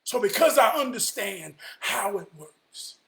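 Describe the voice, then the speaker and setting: A gravelly-voiced man delivers a passionate, sermon-like monologue at an unhurried pace, swinging between shouts and low mutters. He's animated, curses often, and repeats phrases for emphasis.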